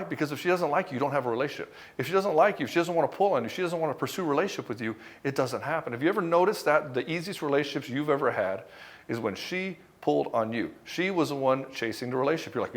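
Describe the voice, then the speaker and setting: A man's voice: mid-range voice, expressive, fast talker. A middle-aged man giving relationship advice straight to the camera, blunt and profane, often acting out little bits of dialogue. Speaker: relationship coach. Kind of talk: direct-to-camera advice monologue.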